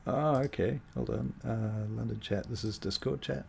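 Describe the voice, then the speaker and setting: Gravelly man running a game. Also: mid-range voice, moderate pace, slight background noise. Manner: relaxed, joking, many fillers. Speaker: game master. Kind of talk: running a tabletop game, casual chat.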